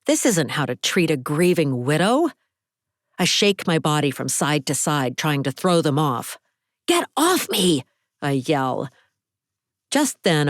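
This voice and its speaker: Low-voiced woman reading a thriller. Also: dry recording, studio quality. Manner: dramatic, expressive thriller reading. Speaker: audiobook narrator. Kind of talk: scripted audiobook narration.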